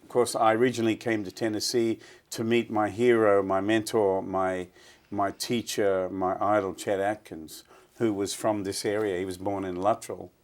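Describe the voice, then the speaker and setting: A middle-aged Australian man, a guest musician, telling stories in a relaxed, chatty interview. He often repeats words as he recalls things. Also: lowish voice, moderate pace.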